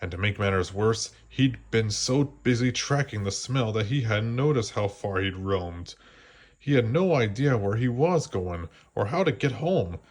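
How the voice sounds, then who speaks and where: A man reading a children's storybook aloud, gently slowing down for the suspenseful parts. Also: fairly low pitch, animated. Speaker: storybook reader. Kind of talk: children's read-aloud narration.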